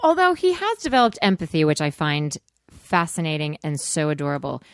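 A woman's voice: low voice, lively intonation, brisk, dry recording. A woman in her thirties in casual chat, dry and sarcastic in her banter.

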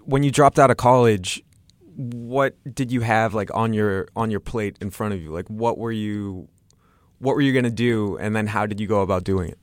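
A man's voice: on the low side, fairly even intonation, normal speed, dry recording. A man interviewing a guest, asking curious follow-up questions in a casual way.

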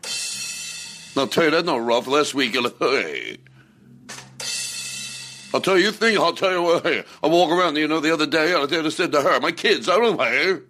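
Brief: a man putting on a sputtering, rambling stand-up comic, raised pitch and loud, no real jokes. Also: lively intonation, normal speed, pauses often, soft background music. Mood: exasperated. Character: exasperated fast-talking middle-aged male stand-up comic.

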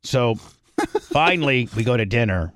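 A man's voice: mid-range voice, sing-song, a little slow, a bit bright, no room sound. A man hosting a podcast, telling stories in a blunt, profane, rambling casual chat. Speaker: podcast host.

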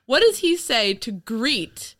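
A woman's voice: a little high, big pitch swings, slow, a bit bright, no echo, studio quality. A young woman co-hosting a podcast in casual chat, joking and sarcastic, often laughing. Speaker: podcast co-host.

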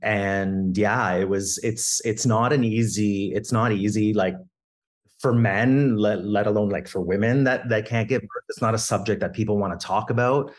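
Lively storytelling man, low voice. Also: normal speed. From Canada. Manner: animated, quotes family in raised voice. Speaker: podcast guest. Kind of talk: conversational storytelling.

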